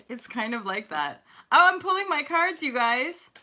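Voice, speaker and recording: A woman's voice: high voice, pushed and bright. A woman hosting a spiritual livestream, chatting casually with viewers, swearing freely and laughing often. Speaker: spiritual coach and livestream host. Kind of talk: casual livestream chat reading comments.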